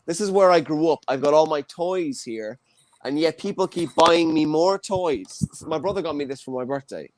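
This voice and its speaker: A man's voice: a little high, normal speed, a little mellow. An Irish man in his twenties hosting a live online comedy show from his childhood bedroom over a video call, with a joking, chatty stand-up delivery. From Ireland. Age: 20s. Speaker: host.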